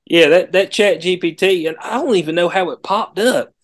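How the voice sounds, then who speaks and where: A man's voice: high voice, normal speed. A man co-hosting a casual chat podcast, rambling with many restarts and slangy phrasing. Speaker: podcast co-host.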